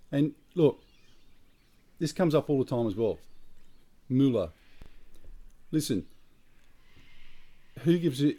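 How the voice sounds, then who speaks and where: Outdoors near trees, an Australian man with a warm, mid-range voice gives a prepping vlog. His casual monologue of advice is blunt and emphatic, and he swears freely.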